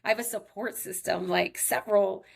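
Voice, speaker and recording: A woman in her thirties from Texas hosts her podcast in a gravelly, husky, medium-pitched voice, keeping fairly even intonation and a moderate pace. She tells personal stories casually, upbeat and emotional, saying "like" and "he's like" a lot.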